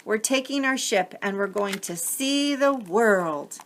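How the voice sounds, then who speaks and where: A woman's voice: expressive, takes it slowly. A woman doing tiny eager storybook crabs. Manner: high, eager, chattering. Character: tiny excited crabs sailing an egg carton.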